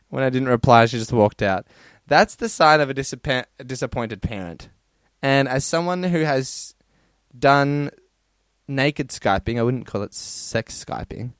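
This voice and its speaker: A man's voice: mid-range voice, measured pace, a bit bright, clear, resonant tone, no room sound, clean studio sound. A man hosting a podcast, casually reading listener stories in a crude, rambling way and laughing often. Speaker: podcast host.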